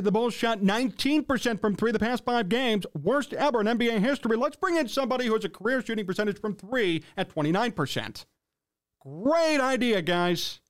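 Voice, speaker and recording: A man hosting a sports talk show, ranting in an exasperated, sarcastic way and reading out chat comments. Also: very high voice.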